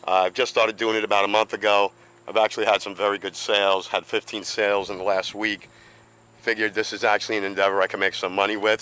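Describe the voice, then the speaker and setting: Bright-toned man in his fifties, outdoors. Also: lowish voice, a little hiss or hum, low-quality recording. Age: 50s. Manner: rambling, self-chatting, easygoing. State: slightly out of breath. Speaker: vlogger. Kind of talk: casual outdoor vlog. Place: outdoors on a seaside boardwalk.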